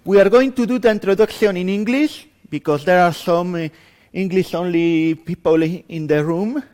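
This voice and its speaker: A man's voice: high voice, moderate pace, a little mellow. A man with a Spanish accent giving an improvised, chatty, self-deprecating introduction to a lab at a conference. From Spain. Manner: self-deprecating, chatty, laughs between lines. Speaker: conference speaker. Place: conference room with audience.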